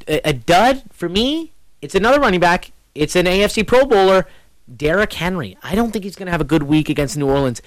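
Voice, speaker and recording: Animated man hosting sports chat. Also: no echo. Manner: animated, quick swings in pitch. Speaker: podcast host.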